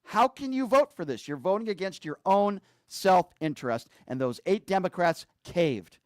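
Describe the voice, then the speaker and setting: A man's voice: sits high, animated, moderate pace, dry recording, clean studio sound. A man giving an angry political commentary, hammering his points with repeated rhetorical questions. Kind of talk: angry political rant to camera. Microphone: streaming mic.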